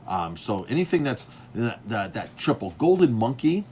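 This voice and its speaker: At a moderate pace and medium pitch, with a little hiss or hum in the audio, a man who is a chef and restaurant owner chats about beer. His rambling stories are full of fillers and restarts, and he animatedly performs other people's lines.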